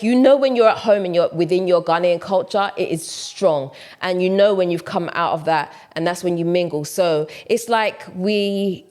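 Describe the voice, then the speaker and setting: Lower-voiced woman explaining in a casual vlog. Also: darkish tone. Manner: conversational, explanatory, frequent "like, you know". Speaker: vlogger and channel host. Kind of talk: casual opinion commentary to camera.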